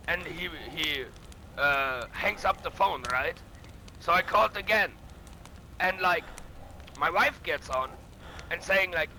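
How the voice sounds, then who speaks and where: A man with a high, sharp and forceful voice roleplays a bandit boss over game voice chat. He rambles through his tale, swearing freely and boasting, with a faint hiss of noise underneath. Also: slow, long pauses, poor audio. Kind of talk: in-character roleplay storytelling.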